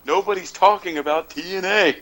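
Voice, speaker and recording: A man's voice: sits high, fairly quick, pushed and bright. A man co-hosting a casual wrestling talk show, sarcastic and acting out mock quotes. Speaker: podcast co-host.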